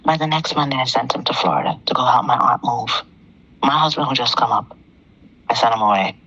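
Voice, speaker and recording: Husky low-voiced woman telling her story. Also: lively intonation, fairly quick, fairly bright tone, highs cut off. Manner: emphatic, repeats phrases for effect. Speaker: caller. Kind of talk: telling a personal story to a talk show host.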